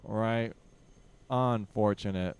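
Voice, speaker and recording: A man's voice: fairly low pitch, slow pace, a little hiss or hum. A young man giving casual commentary while playing a strategy game, barking orders at his units and grumbling with joking exasperation. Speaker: gaming channel host.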